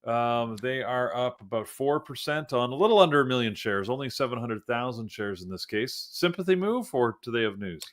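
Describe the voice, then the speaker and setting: A man's voice: mid-range voice, fairly quick, few pauses. Male trading-show host, casual live commentary, mid-range voice, chatty and unscripted. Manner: relaxed, thinking aloud with fillers.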